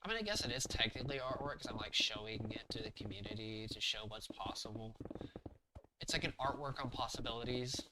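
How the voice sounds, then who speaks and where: A man's voice: medium pitch, animated, a little fast, noisy background. A man live-streaming a game, chatting casually with viewers in a rambling, thinking-aloud way full of fillers. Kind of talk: casual live-stream chat while gaming. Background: background music.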